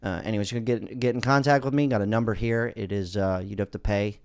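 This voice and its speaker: A man hosts a casual solo podcast in a fairly low voice. He talks bluntly and rambles, swearing freely. The sound is dry and close. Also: steady tone, fast, smooth, no room sound. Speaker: podcast host.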